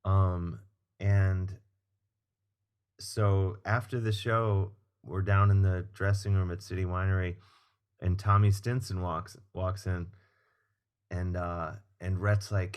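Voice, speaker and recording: A man with a fairly low voice spins a casual story as a podcast guest. He is animated and swears freely. He acts out the people he quotes. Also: slow pace, pauses often, clean tone. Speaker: guest comedian and musician.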